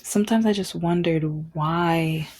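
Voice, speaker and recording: A woman's voice: fairly low pitch, a little slow, a little mellow. A young adult woman vlogging, candidly and emphatically telling a personal story. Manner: candid, emphatic, acts out quoted dialogue.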